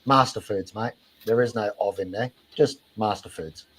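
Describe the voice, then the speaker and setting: A man's voice: lowish voice, normal speed, background noise. A man with an Australian accent giving sarcastic reaction commentary on a video, mocking and exasperated, swearing freely.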